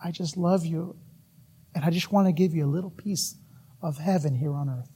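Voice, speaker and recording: A man doing a soft, contrite wife. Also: fairly high pitch, normal speed, slightly rough, big-room sound. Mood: tender. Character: remorseful churchgoing wife.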